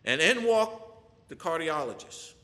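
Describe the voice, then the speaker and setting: A man telling a church testimony in an animated way, asking the listeners rhetorical questions. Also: fairly high pitch, measured pace. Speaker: person giving a testimony. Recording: long reverb of a large hall.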